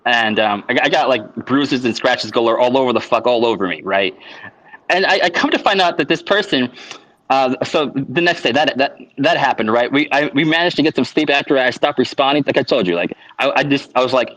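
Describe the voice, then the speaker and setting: A man telling a long personal account in an unscripted monologue, halting, with constant restarts and filler words. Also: medium pitch, fairly bright tone, rough recording. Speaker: vlogger.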